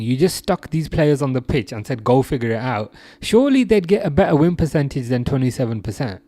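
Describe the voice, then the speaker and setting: A man's voice: medium pitch, lively intonation, fairly quick, few pauses, dark tone, no echo. A man casually hosting a football livestream, reading viewer comments aloud and laughing often. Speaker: livestream host reading chat.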